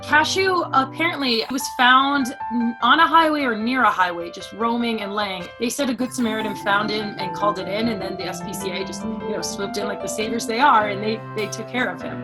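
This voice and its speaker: A woman's voice: a little high, fairly quick. A woman giving a personal testimonial about adopting a dog, speaking earnestly and conversationally with casual fillers. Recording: music playing behind the voice.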